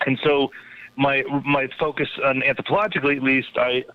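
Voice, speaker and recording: A man's voice: medium pitch, steady tone, a little fast, no echo. A man, an anthropologist and poet, talking casually as an interview guest, rambling with many fillers and restarts. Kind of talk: casual interview over a phone line. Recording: tinny phone line.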